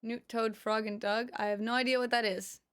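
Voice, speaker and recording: A woman's voice: on the high side, flat delivery, a little fast, fairly bright tone, clear, resonant tone. A woman livestreamer chatting casually with her viewers while reacting to pet videos, rambling with lots of fillers and cooing over the animals.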